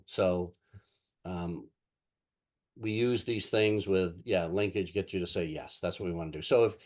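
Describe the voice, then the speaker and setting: A man with a very low voice talks through a casual lesson, drifting between examples and stories. He rambles, stacks fillers and restarts his sentences as he goes. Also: darkish tone. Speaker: NLP instructor. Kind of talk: casual teaching talk with anecdotes.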